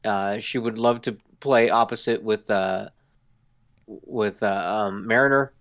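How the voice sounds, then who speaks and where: A man's voice: on the low side, steady tone, unhurried, fairly bright tone. A man co-hosting a podcast who runs through the news stories in an easygoing, agreeable way, with a lot of filler words. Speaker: podcast co-host reading news. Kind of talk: casual news rundown.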